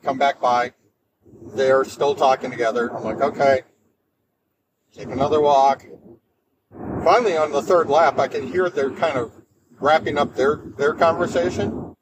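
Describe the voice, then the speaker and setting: A man hosting a podcast, telling a story in a casual, rambling monologue, repeating himself and speaking bluntly. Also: mid-range voice. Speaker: podcast host. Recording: distant mic with clear background noise.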